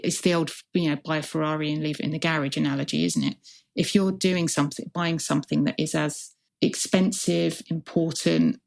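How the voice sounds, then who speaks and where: A woman's voice: deep voice, gravelly. A woman who is a hospital chief information officer, answering interview questions in an earnest, reflective way and building her points as lists.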